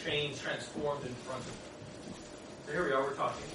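A middle-aged man preaching a sermon, telling stories in an animated way and acting out the people in them. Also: medium pitch, normal speed. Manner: animated storytelling with laughs and acted voices. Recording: echoey room from far off, noisy.

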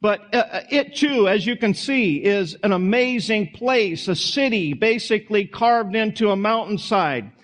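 A man's voice: high voice, animated, measured pace, hardly any pauses. A man preaches to his congregation. His delivery is conversational and folksy, full of small asides and restarts, as if he is thinking aloud from the pulpit. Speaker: pastor. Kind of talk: sermon.

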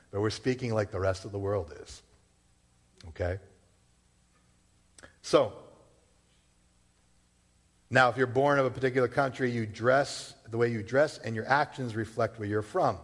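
A man from Massachusetts, a pastor, preaching a sermon in a conversational way, with rhetorical questions and casual asides. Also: mid-range voice. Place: church. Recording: long hall reverb.

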